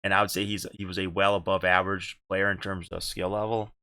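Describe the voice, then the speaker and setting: A man's voice: deep voice, level tone, quick pace, pushed and bright, clean tone, no room sound. A man hosting a casual gaming podcast, rambling and repeating himself, with casual swearing. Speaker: podcast host and streamer.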